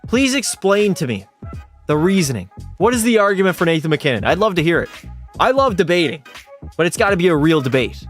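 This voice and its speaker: Young male streamer, slightly buzzed, high-ish voice, profane and argumentative with chat. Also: very animated, fairly quick, faint music behind. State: tipsy from beer. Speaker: game streamer. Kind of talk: casual live-stream chat.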